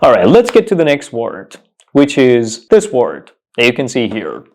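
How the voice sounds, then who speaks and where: A man teaching English pronunciation, saying each word slowly several times and asking the viewer questions. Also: medium pitch, wildly swooping pitch, a little mellow. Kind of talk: pronunciation lesson.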